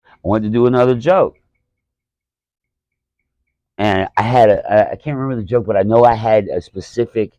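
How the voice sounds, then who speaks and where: A man's voice: on the low side, a little mellow, dry recording, poor audio. A man telling a profane, exasperated story about a show as a stand-up comedian. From Alabama. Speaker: stand-up comedian, podcast host. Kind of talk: casual storytelling rant.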